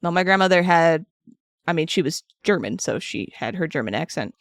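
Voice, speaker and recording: A woman with a lowish, expressive voice talks fairly quickly in a clean, echo-free studio recording. She's a craft streamer who sculpts and paints on stream, chatting casually and rambling as she answers viewers, often restarting her sentences.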